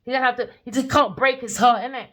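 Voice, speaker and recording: A woman's voice: steady tone, quick pace, low-quality recording. Ranting, profane woman reading tarot. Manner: swings between loud outbursts and low mutters. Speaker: tarot reader.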